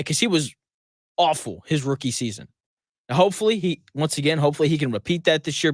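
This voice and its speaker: A man hosting a sports radio talk show in a slightly higher register. His delivery is emphatic and chatty, with a dry, close sound. He keeps circling back with quick asides. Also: fairly bright tone, dry recording. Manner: emphatic and conversational, with frequent "okay, like" asides.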